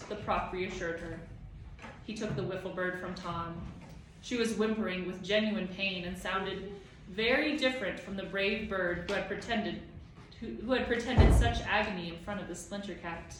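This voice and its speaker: A woman teacher reading a novel aloud to her class with steady, plain narration. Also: fairly low pitch, normal speed, a little hiss or hum. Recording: echoey classroom, mic far off.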